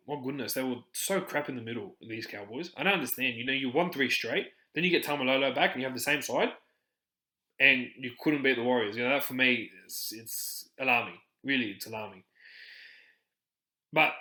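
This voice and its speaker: A man's voice: mid-range voice, pushed and bright, reverberant, rough recording. A man hosting a casual sports podcast, talking passionately with many restarts. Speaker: podcast host.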